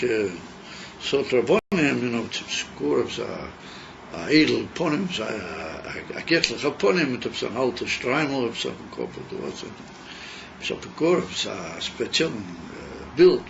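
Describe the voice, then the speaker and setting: A man giving a yeshiva class lecture, mixing English with Yiddish and Hebrew terms and pausing often with fillers. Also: medium pitch, vocal fry, fairly bright tone. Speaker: Torah teacher. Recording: dull lo-fi class recording with faint noise.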